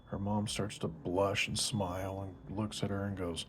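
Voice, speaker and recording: A man narrating a joke story in a casual, deadpan storytelling way. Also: low-pitched, normal speed, hardly any pauses, a little hiss or hum. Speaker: joke teller.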